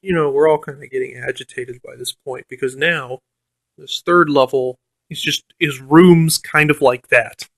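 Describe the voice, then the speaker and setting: A man's voice: mid-range voice, fairly even intonation, moderate pace, a bit bright, dry recording. A man casually telling a rambling, profane story about a tabletop game, full of fillers and restarts, and mimicking the game master. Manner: quotes the game master in a mocking voice. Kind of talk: casual anecdote.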